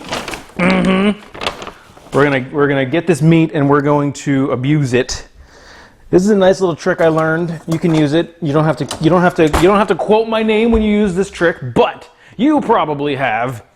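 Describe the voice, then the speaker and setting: A man's voice: a little high, gravelly, a little hiss or hum. A young man from Florida hosting a casual cooking livestream from his home kitchen, joking with his chat and reading out their names. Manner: jokey, talks to chat, reads out names.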